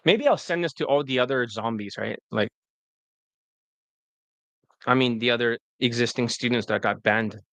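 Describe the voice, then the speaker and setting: Reading answers on a laid-back live stream, this dating coach curses freely at his mistakes, retakes lines and keeps dropping "right?" His mid-range voice is fairly bright, moderately paced with long pauses, and there's no echo.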